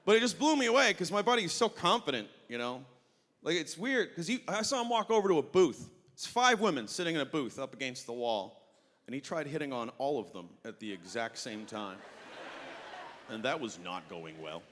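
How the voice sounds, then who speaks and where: Male stand-up, animated storyteller, swinging pitch, stage mic in a reverberant hall. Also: a little fast. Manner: animated, acts out voices. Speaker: stand-up comedian. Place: comedy festival stage.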